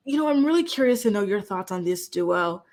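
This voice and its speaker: A woman's voice: medium pitch, moderate pace. Chatty woman recapping reality TV. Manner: animated, chatty, acts out quotes with lots of "like". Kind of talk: casual recap talk to camera.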